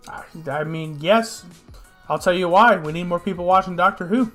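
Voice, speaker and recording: A man co-hosting a casual podcast chat, excitable and jokey, quick to cut in. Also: high-pitched, faint music behind. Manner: excitable and joking, quick to interrupt. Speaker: podcast co-host.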